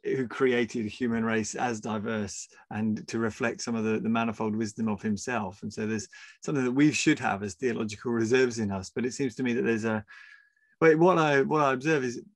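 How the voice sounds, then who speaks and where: A man hosting as a pastor, speaking in a measured, thoughtful way. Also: mid-range voice, steady tone, no echo, studio quality. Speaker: pastor, host. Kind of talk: reflective interview questions.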